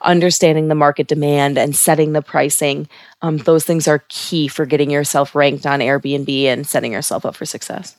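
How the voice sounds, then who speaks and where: Low-pitched woman, company rep, upbeat and unhurried, dry mic. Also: steady tone, dry recording. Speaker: company representative. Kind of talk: casual interview talk.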